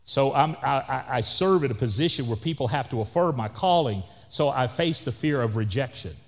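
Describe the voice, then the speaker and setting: A man, a pastor, preaching a sermon in an animated way and acting out the people he quotes. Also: medium pitch, normal speed, big-room sound.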